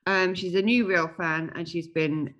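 A woman from Britain co-hosting a relaxed podcast and reading listener letters aloud. Her voice is husky and sits a little low, and she hesitates and fills gaps as she talks. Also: measured pace, highs cut off. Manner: chatty, hesitant with fillers. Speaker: podcast co-host. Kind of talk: casual chat, reading listener mail.

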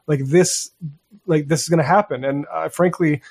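Higher-voiced man co-hosting a podcast. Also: steady tone, a little mellow, breathy edge. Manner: loose, meandering, pauses mid-thought. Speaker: podcast co-host. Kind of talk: casual political podcast chat.

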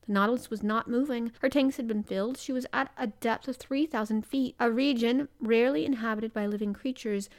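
Woman reading an old adventure novel out loud, careful and steady, slightly high voice. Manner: measured, careful reading with small slips. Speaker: reader.

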